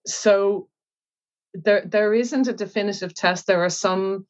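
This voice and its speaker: An Irish woman giving a lively explanation as a guest in an interview and acting out small voices along the way. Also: mid-range voice, slow, highs cut off. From Ireland. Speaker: guest, yoga teacher.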